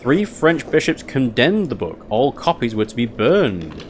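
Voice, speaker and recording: A man reading aloud the lines of a guarded woman librarian of a convent, in a measured, matter-of-fact way. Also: mid-range voice, sing-song, a little hiss or hum.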